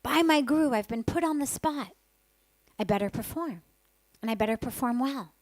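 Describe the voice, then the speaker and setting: A woman's voice: high voice, animated, moderate pace, no echo. Candid woman storyteller, dry close sound. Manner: candid and vivid, dropping to a whisper for inner thoughts. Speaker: spiritual teacher. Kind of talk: personal storytelling talk.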